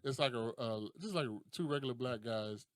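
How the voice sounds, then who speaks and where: A young adult man hosting a casual podcast, telling stories in a profane, animated way and laughing often. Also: medium pitch, moderate pace, no room sound, studio quality. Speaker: podcast host.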